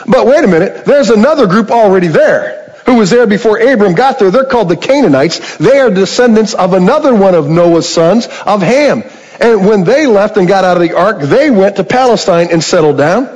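A man's voice: sits high, animated, moderate pace, a little mellow, big-room sound, highs cut off. Man preaching with rhetorical questions. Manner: conversational storytelling with rhetorical questions. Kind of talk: sermon.

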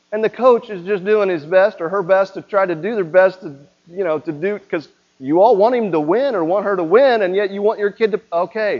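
High-voiced pastor asking rhetorical questions. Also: male voice, darkish tone, dull audio. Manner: conversational, asks the congregation rhetorical questions. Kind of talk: sermon.

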